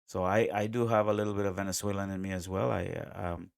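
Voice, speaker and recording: A man with an American accent giving casual, chatty reaction commentary, excitable and quick to laugh, with plenty of fillers. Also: deep voice, vocal fry, no echo, clean studio sound. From USA, South America and the Caribbean. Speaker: reaction video host.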